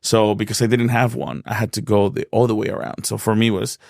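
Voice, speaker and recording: A Mexican man with a Mexican accent, a stand-up comedian guest telling animated stories in a casual podcast interview, acting out dialogue and swearing freely. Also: fairly low pitch, a little fast, gravelly, no echo, studio quality. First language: Spanish.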